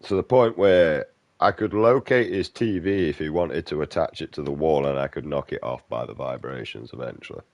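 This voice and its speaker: A man's voice: very deep voice, normal speed, darkish tone, dry recording. A man giving casual gameplay commentary, ranting bluntly and swearing a lot. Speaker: game streamer.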